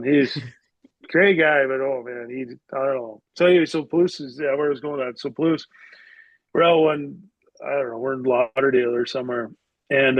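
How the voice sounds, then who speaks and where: A man's voice: mid-range voice, no echo. A man from Canada tells stories in a loose, rambling way, his talk full of filler words. The recording is dry and a little muffled, with no room sound around him. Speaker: podcast guest, former hockey player. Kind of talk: casual storytelling.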